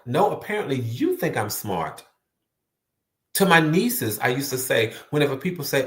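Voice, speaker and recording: A man's voice: fairly high pitch, very animated, normal speed, a bit bright. A man giving an earnest, emphatic motivational talk to the viewer, repeating words for stress. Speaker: motivational speaker. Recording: roomy echo.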